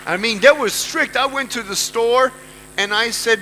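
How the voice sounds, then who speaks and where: High, bright-voiced speaker with an Australian accent. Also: male voice, normal speed, a little hiss or hum, low-quality recording. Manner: emphatic, repeats lines for effect, acts out quoted voices. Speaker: motivational speaker. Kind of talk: motivational speech to a live audience.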